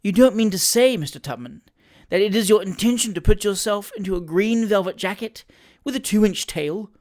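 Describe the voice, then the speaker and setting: A reader voicing a stout, dignified older gentleman who speaks in a stately, emphatic way in an audiobook. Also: mid-range voice, normal speed, pitched above the performer's own voice, lightly acted. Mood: stern. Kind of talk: audiobook character reading.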